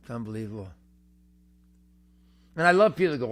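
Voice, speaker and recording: Brash older man, booming and cocky. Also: lively intonation, brisk, long pauses. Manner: brash, cocky, swings from booming shouts to low mutters. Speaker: host. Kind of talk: boastful rambling livestream monologue.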